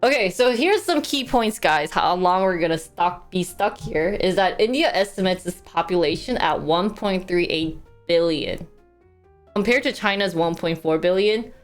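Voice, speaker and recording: A woman's voice: on the low side, expressive, normal speed, faint music behind. A woman live streamer chatting casually and reading news aloud. She thanks donors and stumbles over hard words.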